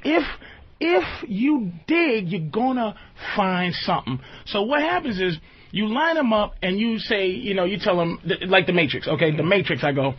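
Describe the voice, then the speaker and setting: A man's voice: high voice, lively intonation, moderate pace, husky. A man hosting a radio show, talking loosely and at length about dating with frequent asides. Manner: loose, rambling, conversational. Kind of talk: comedic relationship talk on radio. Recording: dull lo-fi radio broadcast.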